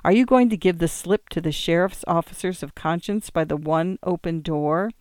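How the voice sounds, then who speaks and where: A man's voice: fairly high pitch, moderate pace, a little mellow, clear, resonant tone, dry recording, clean studio sound, close to an everyday voice. A man voicing a bitter, despairing young man in an audiobook reading, with an intense, rising theatrical delivery. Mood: brooding.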